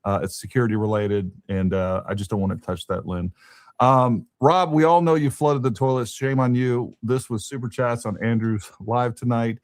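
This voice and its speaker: A man's voice: medium pitch, fairly even intonation, normal speed, no room sound, studio quality. A man appearing as a guest on a live stream, talking casually and bluntly and reading viewer comments aloud.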